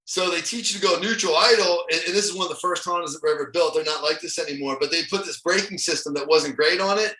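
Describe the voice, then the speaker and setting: A middle-aged man from Ohio with a fairly high, bright, forceful voice tells stories as a podcast guest. His delivery is animated and casual, often breaking into chuckles, and the recording sits in an echoey room. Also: quick pace, hardly any pauses. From Ohio, USA. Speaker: motivational speaker, podcast guest. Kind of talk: casual storytelling interview.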